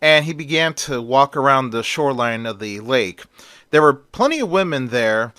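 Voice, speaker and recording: A man's voice: medium pitch, lively intonation, moderate pace, sharp tone, clear, resonant tone, dry recording, clean studio sound. A man retelling a story in a plain casual way, with small slips and fillers.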